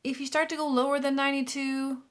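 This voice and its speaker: A woman with a Southern US accent talks in a fairly high voice. She explains medical details in a clear, chatty way, like a nurse reacting to a news clip. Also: flat delivery, fast. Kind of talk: casual commentary video.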